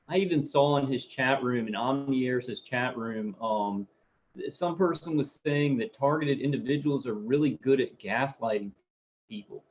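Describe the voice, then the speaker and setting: A man chats through a late-night livestream from home, his voice at an ordinary middle pitch. He talks in a loose, halting ramble, full of fillers, and greets viewers by name as he goes. The sound is dull and lo-fi. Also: darkish tone. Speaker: livestream host.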